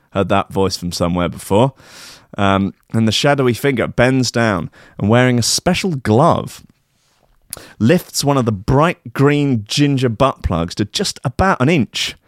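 A man's voice: mid-range voice, expressive, normal speed, no echo, studio quality. A man hosting a comedy show, rambling through a silly story with lots of fillers. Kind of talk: comic storytelling.

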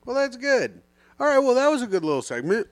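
A man co-hosting a comedy podcast, joking in a deadpan, mock-insulting way. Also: very high-pitched, a little fast, no echo. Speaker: podcast co-host. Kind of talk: casual comedy podcast chat.

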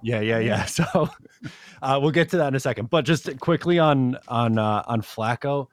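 A man's voice: mid-range voice, moderate pace, dry recording. A man in his twenties, a podcast co-host, telling a rambling story in casual sports chat and laughing often.

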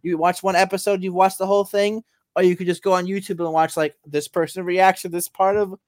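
A young man co-hosting a casual anime podcast, excitable and stammering, repeating words as he talks. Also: sits high, brisk, no room sound, studio quality. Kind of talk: casual review chat.

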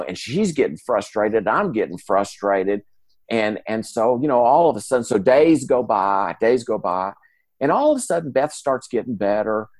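A man's voice: lowish voice, no echo. Man, folksy storyteller, dry close sound. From Mississippi, US. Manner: folksy, animated storyteller who acts out dialogue. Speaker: guest in recovery. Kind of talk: casual storytelling interview.

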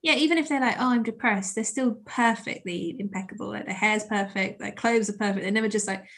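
A woman co-hosting a podcast, talking casually and animatedly, full of "like" fillers and quick laughs. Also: mid-range voice. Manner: chatty, animated, laughs often, many "like" fillers. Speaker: podcast co-host. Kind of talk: casual chat.

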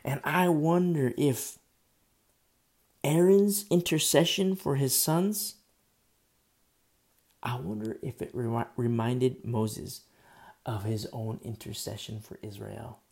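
A man preaching a sermon as pastor, conversational, swinging between loud emphasis and quiet asides. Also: fairly high pitch, animated, slow, vocal fry, pauses often.

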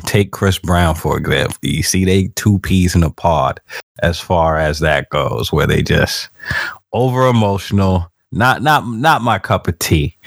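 A man with a very low voice trades blunt, unhurried opinions with a friend. The recording is close and completely dry, with no echo. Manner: laid-back, blunt opinions. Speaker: podcast co-host. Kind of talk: casual chat.

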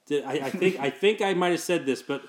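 A man's voice: a little high, brisk. Joking man chiming in on a podcast. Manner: joking, chiming in with teasing questions. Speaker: podcast co-host. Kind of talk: casual chat.

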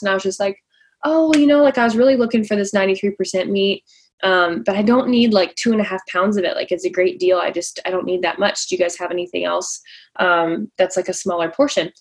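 A woman's voice: medium pitch, steady tone, quick pace. A young woman, a pageant coach and podcast host, tells a personal faith story to her listeners in a chatty way, full of fillers and acted-out quotes. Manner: chatty, many likes and fillers, acts out quoted lines.

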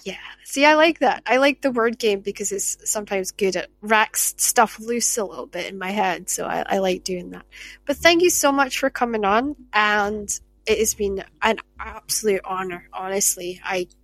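A woman's voice: mid-range voice, normal speed, a bit bright, no room sound. A woman hosting a podcast, chatting casually and effusively with her guest. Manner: chatty, effusive, laughs easily. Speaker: podcast host. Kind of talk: casual interview chat.

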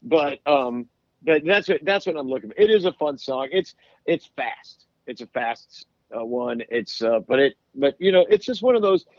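A man's voice: fairly high pitch, lively intonation, moderate pace, dry recording, muffled recording. A man guesting as a musician, chatting casually in an interview and rambling through stories with lots of restarts. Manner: rambling, many restarts and laughs.

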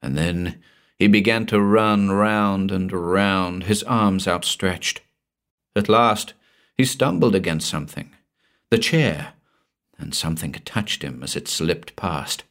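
Guy narrating a creepy story, tense and expressive, lowish voice. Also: slow. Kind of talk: dramatic audiobook narration.

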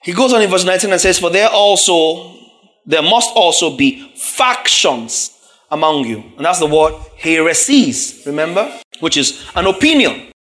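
A man's voice: high voice, sing-song, moderate pace, fairly bright tone. A man preaching a sermon, reading scripture verses aloud and explaining word meanings, often checking in with the congregation through questions.

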